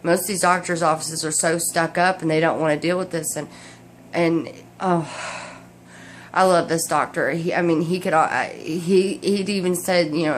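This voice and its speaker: A woman's voice: lowish voice, fairly even intonation, normal speed, a little hiss or hum. A tired woman, chatting casually in a vlog update, rambling with many restarts. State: tired, drowsy from medication. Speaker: vlogger. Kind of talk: casual personal update to camera.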